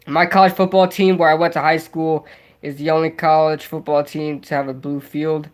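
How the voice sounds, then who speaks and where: A young man hosting a casual livestream, rambling excitably and answering viewers' chat as he goes. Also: a little high, normal speed. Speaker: livestream host.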